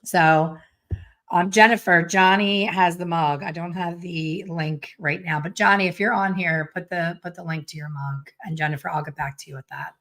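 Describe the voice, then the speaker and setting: With a lowish voice at normal speed, a middle-aged woman recounts a story for her viewers. She's a hair colorist, and her telling is animated, blunt, and lightly sprinkled with mild swearing.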